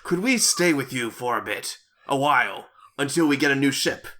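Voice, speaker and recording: Man reading a calm old general uncle. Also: medium pitch, moderate pace, lightly acted.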